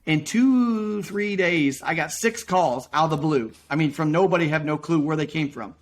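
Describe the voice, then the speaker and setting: A man guesting on a podcast, telling a rambling folksy story about his work in casual talk. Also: fairly high pitch. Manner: folksy, rambling, quick to act out quotes. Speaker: podcast guest, roofing business owner.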